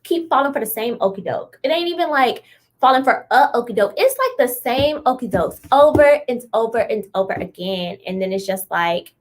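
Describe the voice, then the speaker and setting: A young woman co-hosting a casual podcast chat, with a high-pitched voice. She talks bluntly and emphatically, full of slang and strong opinions. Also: animated, normal speed, slight background noise. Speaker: podcast co-host.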